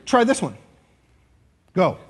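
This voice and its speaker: With a high, wildly swooping voice that's slightly rough, a man speaks slowly to a live audience from the stage. He leads a playful speaking exercise, demonstrating varied line readings and altering his voice to convey expression.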